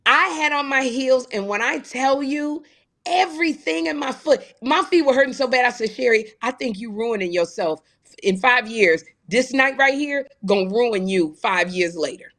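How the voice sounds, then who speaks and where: A woman in her fifties co-hosting a casual podcast, telling animated stories and acting out quoted dialogue. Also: a little high, normal speed. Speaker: co-host.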